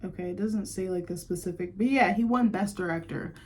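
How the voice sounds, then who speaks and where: A woman's voice: medium pitch, fairly quick, darkish tone, slightly rough. Young woman just chatting on her show, gushy, says like a lot. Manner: chatty, gushing, lots of "like". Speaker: host. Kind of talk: casual chat.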